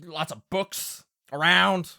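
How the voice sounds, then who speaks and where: A man's voice: high voice, steady tone, slow, creaky, sharp tone, no echo, studio quality, voice pushed up, exaggerated voice. Man doing a folksy Southern farmer dad. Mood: rambling. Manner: folksy, hearty, rambling. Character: burly balding older farmer father, folksy.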